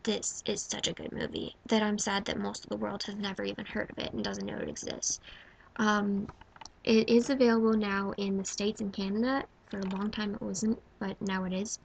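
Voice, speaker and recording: A woman in her twenties vlogging casually about her favorite movies. She gushes, swinging from loud exclaiming to hushed whispers. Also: medium pitch, normal speed, creaky, a little hiss or hum, rough recording. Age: 20s. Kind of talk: casual movie-ranking vlog.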